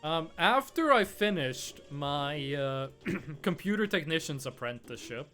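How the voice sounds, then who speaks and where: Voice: mid-range voice, lively intonation, a little slow, bright, forceful tone, soft background music. A young adult streamer, casually chatting while gaming and telling rambling, profane stories. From Norway. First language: Norwegian.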